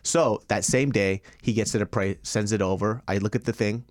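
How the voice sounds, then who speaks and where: A young man telling a story in a casual podcast chat, animated and swearing constantly. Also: fairly low pitch, normal speed. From Los Angeles area.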